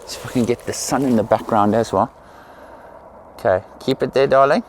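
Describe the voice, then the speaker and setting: A middle-aged man directs a portrait shoot outdoors, and he keeps repeating soft praise to his model between quiet asides about his camera. His voice sits at an ordinary middle pitch. The sound is picked up by the camera's own mic out in an open field. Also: a little fast, slight background noise. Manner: encouraging, repeats praise words. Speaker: portrait photographer.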